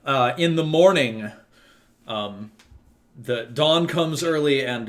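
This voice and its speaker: A man's voice: mid-range voice, fairly bright tone. Man rambling through tabletop narration. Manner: loose, rambling narration with many fillers. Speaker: game master.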